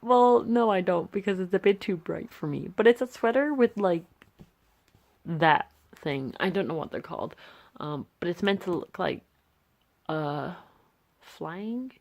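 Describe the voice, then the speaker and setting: A woman's voice: fairly low pitch, unhurried, vocal fry, darkish tone. A young British woman talking casually through her sketchbook, chatty and self-deprecating, rambling between pages on a phone camera. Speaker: vlogger.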